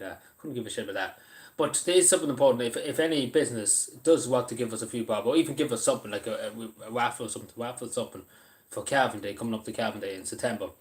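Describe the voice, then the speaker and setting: An Irish man chatting casually on a live stream, answering chat and eating as he talks, rambling with lots of ums and restarts. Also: lowish voice. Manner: eats while talking. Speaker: livestreamer reading chat.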